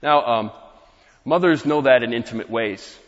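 A man's voice: mid-range voice, moderate pace. A young male pastor delivering a sermon, earnest and building to emphatic rhetorical questions. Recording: muffled, echoey church hall.

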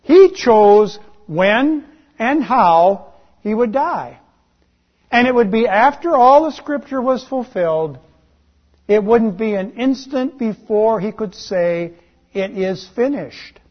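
A man preaching a sermon in a slow, deliberate way, letting his voice drop on key words. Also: sits high, animated, lo-fi sound. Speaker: pastor.

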